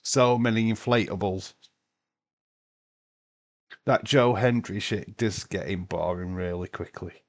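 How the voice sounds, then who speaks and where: A man's voice: fairly low pitch, steady tone, slow, pauses often. Chatty British man hosting a livestream. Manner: chatty, reads and answers viewer chat, swears casually. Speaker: livestream host. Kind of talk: casual live watch-along chat.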